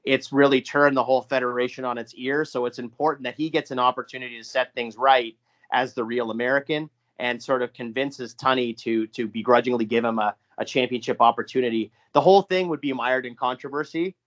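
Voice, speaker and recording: A man co-hosting a podcast, recounting a booked match in a halting way with frequent restarts. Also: mid-range voice, steady tone, fairly bright tone, lo-fi sound. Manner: halting, many restarts and fillers. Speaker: podcast co-host. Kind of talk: casual podcast chat, narrating fantasy wrestling booking.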